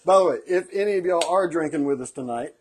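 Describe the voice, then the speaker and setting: A man's voice: on the high side, fast, a little hiss or hum. A middle-aged man co-hosting a casual cocktail show, telling stories, laughing often and acting out the voices of the people in them. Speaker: co-host of a cocktail livestream. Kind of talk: casual chat, storytelling.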